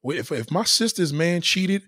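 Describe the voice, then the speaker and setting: A man holds forth to his live-stream chat, blunt, crude and full of swagger. His voice has a husky grain and swings up and down with plenty of life. It sounds close and dry, with no room around it. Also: on the high side, lively intonation, moderate pace, bright, forceful tone, no room sound. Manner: blunt, profane, boastful. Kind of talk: casual live-stream monologue.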